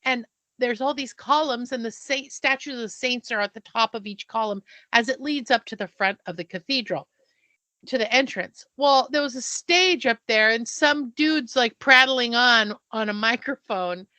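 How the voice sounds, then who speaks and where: A middle-aged American woman co-hosting a podcast, telling stories in a casual, animated way, acting out the people she quotes and often restarting her sentences. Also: on the high side, moderate pace, dry recording. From United States. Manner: restarts and stumbles mid-sentence. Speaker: podcast co-host. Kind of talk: casual storytelling chat.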